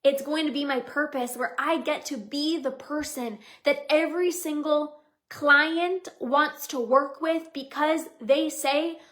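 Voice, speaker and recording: High-voiced earnest woman podcasting. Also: steady tone, a little slow, fairly bright tone. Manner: earnest, heartfelt, leans on "like" and repetition. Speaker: podcast host and binge-eating coach. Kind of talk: motivational solo podcast monologue.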